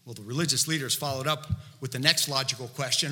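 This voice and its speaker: A man preaching a sermon in an animated, conversational way, asking the listeners many rhetorical questions. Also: medium pitch, quick pace, in a large hall. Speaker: pastor.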